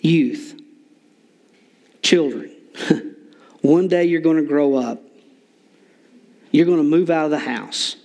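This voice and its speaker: A man's voice: a little high, slow pace, pauses often, darkish tone. An older man preaching an informal sermon in a church, folksy with joking asides and lots of fillers. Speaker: lay preacher.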